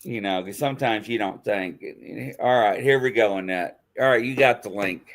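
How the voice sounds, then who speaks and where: A man with a lowish voice hosts a casual live-stream chat show at a moderate pace. He laughs a lot as he talks and spells out names while he types.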